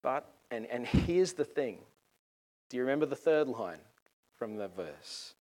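Lively man preaching. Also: mid-range voice, unhurried. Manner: lively, conversational, joking. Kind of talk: sermon.

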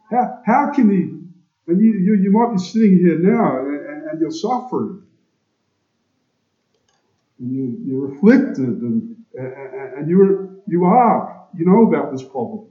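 A man preaching a sermon to his congregation, slow and emphatic, asking rhetorical questions. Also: a little high, expressive. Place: church. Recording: echoey, dull church recording.

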